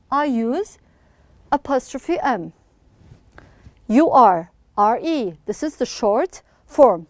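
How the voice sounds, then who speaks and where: A woman's voice: high-pitched, a little mellow, dry recording, studio quality. A woman teaching an English lesson to young pupils, prompting with questions and praising answers encouragingly.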